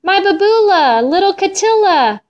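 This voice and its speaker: A woman reading a storybook aloud and voicing a warm-hearted elderly immigrant widow with old-world phrasing and fond repetitions. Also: high-pitched, sing-song, unhurried, dull audio, exaggerated voice. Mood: overjoyed.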